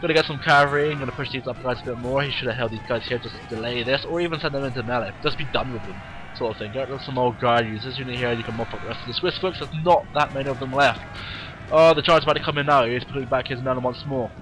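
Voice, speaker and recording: A man's voice: medium pitch, fast. A tired man who yawns now and then, giving casual, rambling, blunt commentary on a game replay and swearing freely. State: tired, yawning.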